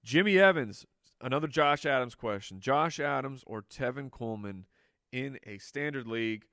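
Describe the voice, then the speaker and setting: With a medium-pitched, bright, forceful voice, this man speaks at a moderate pace and sounds expressive. As a fantasy football analyst on a laid-back live Q&A, he answers viewers' questions in a chatty, playful way, cracking jokes with the crew and laughing frequently. The sound is dry and studio-clean.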